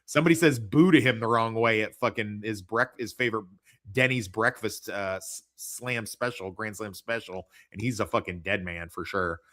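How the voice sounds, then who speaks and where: Brief: American male podcast host, bright forceful voice, crude jokey banter. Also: on the low side, moderate pace. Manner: loud, profane, joking. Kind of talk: casual chat.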